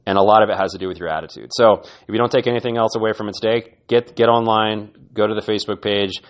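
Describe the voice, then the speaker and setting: A man's voice: lowish voice, fairly even intonation, quick pace. A man hosting a podcast, giving an earnest, encouraging motivational talk and often repeating his words. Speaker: podcast host.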